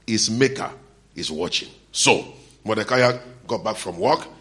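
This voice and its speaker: A man preaching a sermon, acting out the story in different voices, moving from hushed asides to shouts. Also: on the low side, animated, a little slow. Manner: acts out scenes, shifts between hushed asides and shouts.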